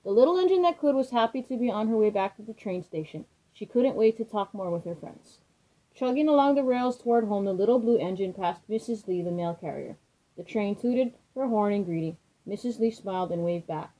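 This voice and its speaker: A woman reading a children's storybook aloud in a gentle, expressive way. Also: mid-range voice, a little fast, low-quality recording.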